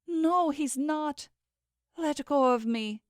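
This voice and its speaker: A woman's voice: takes it slowly, no echo, studio quality. A woman voicing a distraught young female investigator who pleads through tears, audiobook style. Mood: pleading. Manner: pleading, tearful, high-pitched.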